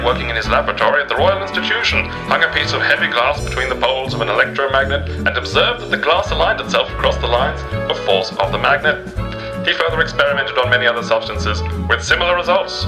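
A man's voice: mid-range voice, animated, fast, natural voice, low-quality recording. A man putting on the voice of an old-timey male radio news announcer, declaiming dates and events with heightened delivery over background music. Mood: grand, announcing.

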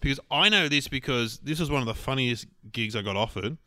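An Australian man chats casually as co-host, his voice bright and lively, swinging up and down in pitch. He hums beats and sings bits of songs as he talks. The sound is dry and close. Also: brisk, no room sound. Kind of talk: casual chat.

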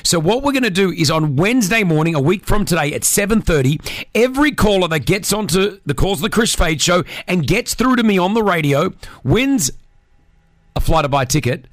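A man hosting a morning radio show, chatting and joking excitably with callers and co-hosts in a studio. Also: sits high, brisk, dry recording. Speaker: radio host.

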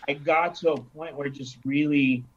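A man's voice: fairly high pitch, fairly even intonation, normal speed, a little hiss or hum. A man in his thirties from Nigeria, telling stories in a casual interview and acting out the dialogue. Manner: reflective storyteller who acts out quoted dialogue. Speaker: interview guest. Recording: dull lo-fi sound.

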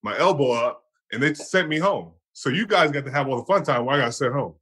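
Thirties guy just chatting, easygoing, lots of slang, normal pitch voice. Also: lively intonation, quick pace, fairly bright tone, slightly rough. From born in Pittsburgh, raised in Atlanta. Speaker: podcast guest. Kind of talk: casual chat.

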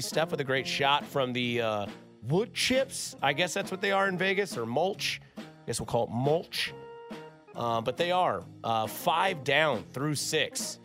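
A man's voice: medium pitch, a bit bright. A male sports radio host chatting casually late at night in a studio. He rambles and corrects himself mid-thought, in an easygoing, conversational way. Faint music plays underneath.

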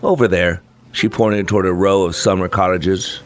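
Earnest male narrator reading a first-person tale, lowish pitch, faint music bed. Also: flat delivery, normal speed. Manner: reflective, earnest storytelling.

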